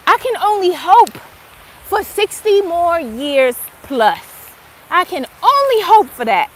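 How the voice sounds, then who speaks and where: A woman's voice: very high-pitched, sing-song, takes it slowly. A middle-aged woman giving a casual, emphatic motivational talk about gratitude, swearing freely and stretching her words for stress. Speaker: spiritual motivational speaker.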